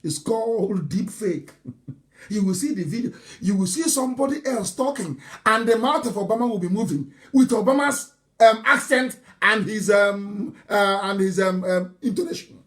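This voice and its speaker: Man with a high voice, fiery movement leader addressing followers live, scornful and loud at times. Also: expressive, moderate pace. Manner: impassioned, mocking, with bursts of shouting and laughter; restarts and repeats words.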